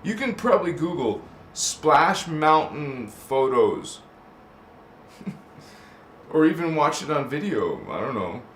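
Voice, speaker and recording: A man's voice: fairly high pitch, big pitch swings, slow, pauses often, a bit bright, slight background noise. A middle-aged man hosting a live stream, reading viewer comments aloud and drifting into tangents with frequent laughs. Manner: rambling, goes off on tangents, laughs often. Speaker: channel host. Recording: roomy echo.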